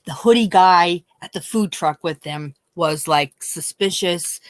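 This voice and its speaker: Woman, casual vlogger chat, rambling restarts, animated storytelling, dry close sound. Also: fairly low pitch, a little slow, no room sound. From Scranton, Pennsylvania. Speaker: YouTuber.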